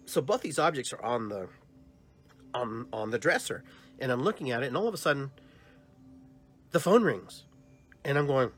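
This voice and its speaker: A man in his fifties hosting a podcast, rambling softly and heartfelt as he tells a personal story. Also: mid-range voice, lively intonation, normal speed, pauses often, faint music behind. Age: 50s. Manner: rambling, heartfelt, soft-spoken retelling of a dream. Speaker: podcast host.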